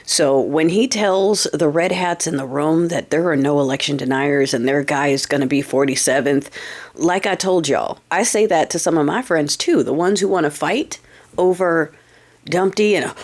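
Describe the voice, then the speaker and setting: A woman's voice: on the low side, normal speed. A woman from the United States hosting her own political commentary vlog, casual and sarcastic, swearing freely and often checking in with "okay?".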